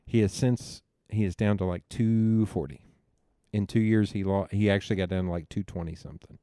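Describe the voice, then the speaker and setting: A young man with a fairly low voice hosts a podcast in casual conversation. He tells long family anecdotes and slips into the voices of his parents between laughs. The recording is dry and close. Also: brisk, smooth, dry recording. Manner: animated storyteller, quoting family with laughs. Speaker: podcast host. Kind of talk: casual storytelling chat.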